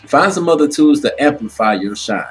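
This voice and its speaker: A man's voice: fairly high pitch, lively intonation, normal speed, soft background music, poor audio. A man co-hosting a casual relationship advice chat, talking in a motivational, preachy way and repeating lines for emphasis.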